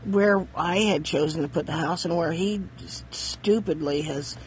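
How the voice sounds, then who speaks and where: A man living in a van, telling a rambling story in a casual, halting way, repeating words and laughing often. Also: on the high side, background noise.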